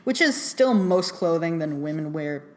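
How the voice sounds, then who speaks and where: A woman with a fairly low voice talks through a film review in a loose, chatty way. She fills her sentences with "like" and "um", laughs easily, and drops casual swears while retelling scenes. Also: expressive, moderate pace, a little mellow. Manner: chatty, laughing often, heavy use of "like" and "um" fillers.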